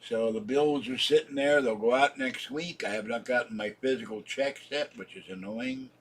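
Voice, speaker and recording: A man's voice: medium pitch, normal speed, a little hiss or hum. A man in his seventies, drowsy and rambling as he chats casually to viewers on his live stream. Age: 70s. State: sleepy. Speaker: channel host.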